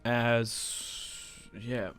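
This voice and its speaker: A young man giving casual, chatty commentary while playing a strategy game, getting excited and laughing often. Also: medium pitch, very slow, smooth, faint music behind. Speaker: gaming YouTuber.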